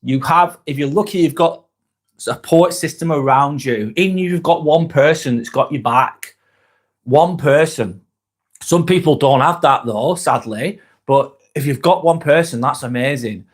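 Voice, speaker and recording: A man with a fairly high speaking voice hosts a live motivational chat and answers viewer comments as they come in. He talks bluntly and casually, swears freely and hammers his points home through repetition. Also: unhurried. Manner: talks while eating a snack. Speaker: live vlog host.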